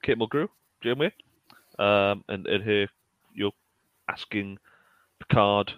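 A man's voice: fairly low pitch, slow, no room sound, dull audio. A man on a casual podcast, self-deprecating and hesitant, often restarting his sentences. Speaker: podcast co-host. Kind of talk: casual chat.

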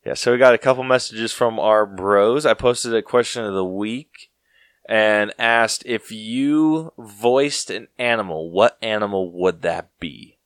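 A man's voice: on the low side, measured pace, clean tone, no echo, clean studio sound. A young man co-hosting a podcast in casual chat, laid-back and laughing often, teasing himself. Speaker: podcast co-host.

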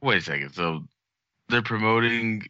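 Male co-host, lively up-and-down delivery, blunt and teasing, dry sound. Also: on the low side, normal speed, no room sound, highs cut off. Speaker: podcast co-host. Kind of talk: casual podcast chat.

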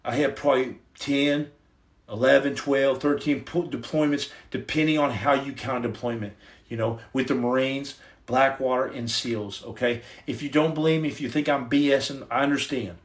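A man's voice: mid-range voice, fairly even intonation, moderate pace. A middle-aged man hosting a livestream, giving his testimony in an earnest, preachy, casual way into his phone. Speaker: livestream host.

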